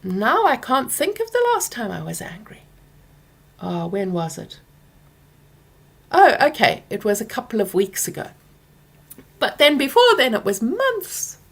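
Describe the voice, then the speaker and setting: A middle-aged woman hosting a workshop Q&A, speaking softly and gently and sometimes dropping to a whisper. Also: fairly high pitch, wildly swooping pitch, measured pace, gravelly, pauses often, slightly rough. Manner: soft and gentle, drifting into whispers; acts out anger with loud groaning sounds. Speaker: workshop host answering questions. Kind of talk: Q&A talk to an audience.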